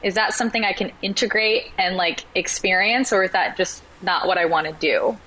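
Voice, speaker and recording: A woman guesting on a podcast talks in a bright, sharp voice. She tells stories chattily, fills her speech with "like," and slips into little acted-out quotes. Her pitch sits in the middle range for a woman. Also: fairly quick, a little hiss or hum, rough recording. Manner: chatty storyteller, acts out quoted voices, says "like" often. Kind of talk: casual interview chat.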